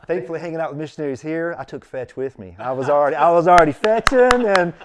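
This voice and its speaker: A man's voice: on the high side, animated, fast, noisy background. A middle-aged man, telling his story in casual conversation as an interview guest and acting out quotes with big jumps in his voice.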